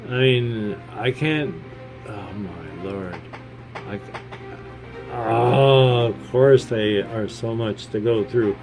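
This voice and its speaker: This fifty-something gamer has a lowish voice and speaks slowly, with music in the background. Between reading pieces of game text, he rambles with sarcastic, self-mocking commentary.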